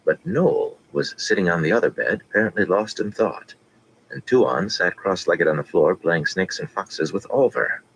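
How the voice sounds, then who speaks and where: A man narrating a fantasy audiobook with steady, measured reading. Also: deep voice, creaky, a little hiss or hum, low-quality recording.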